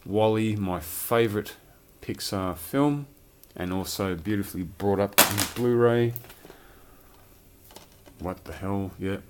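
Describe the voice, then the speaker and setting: A man's voice: fairly low pitch, slow, background noise. A man chatting casually and rambling about his film collection, swearing now and then. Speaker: collector showing his films. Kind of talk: casual chat.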